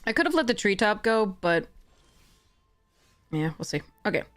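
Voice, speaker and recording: A woman giving casual commentary while playing a card game, chatty, often correcting herself and slipping in quick apologies. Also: medium pitch, sing-song, a bit bright, no room sound, soft background music. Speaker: game streamer.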